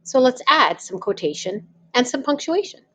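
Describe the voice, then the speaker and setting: A woman's voice: sits high, sing-song, normal speed, fairly bright tone. A woman teaching, talking patiently and spelling things out step by step. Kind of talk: slow, deliberate classroom explanation.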